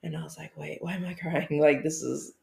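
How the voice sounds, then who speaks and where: A woman from Australia co-hosting a podcast, talking in a reflective, earnest way with soft laughs. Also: deep voice, fairly even intonation, brisk, gravelly. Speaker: podcast co-host. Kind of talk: casual chat. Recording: echoey room.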